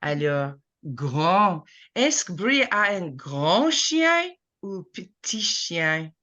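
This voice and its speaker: A woman teaching a small online French class, explaining slowly and patiently while mixing French and English. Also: lowish voice, very animated, pushed and bright.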